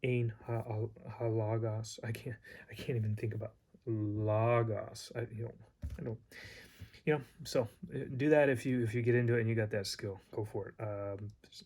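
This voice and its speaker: A man's voice: lowish voice, steady tone, moderate pace, darkish tone. A man teaching a casual lesson, rambling and hesitant with many fillers and restarts. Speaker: Greek teacher.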